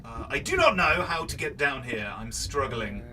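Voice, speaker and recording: A man's voice: on the high side, big pitch swings, moderate pace, very noisy. Playful man gaming. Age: early 30s. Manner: playful, chatty, rambling. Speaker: gaming host. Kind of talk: let's play commentary. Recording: slightly distant mic, background music. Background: background music.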